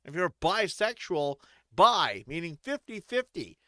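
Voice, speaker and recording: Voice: medium pitch, very animated, a little slow, sharp tone, no room sound. A streamer giving crude, joking gameplay commentary, often laughing between remarks.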